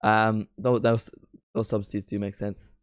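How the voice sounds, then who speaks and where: A man streaming a live football watchalong, chatting casually and breaking into quick play-by-play calls. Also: on the low side, level tone, clean tone, dry recording, clean studio sound.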